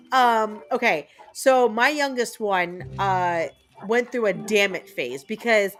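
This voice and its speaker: A woman's voice: a little high, fairly bright tone. Blunt, chatty woman streamer. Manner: blunt, chatty storytelling with frequent fillers and cursing. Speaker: game streamer. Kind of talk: casual chat with viewers.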